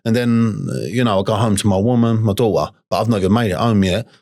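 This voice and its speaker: A man's voice: on the low side, quick pace, darkish tone, dry recording, studio quality. A man talking earnestly in a casual podcast chat, swearing freely and often checking that he is understood. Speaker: guest in recovery.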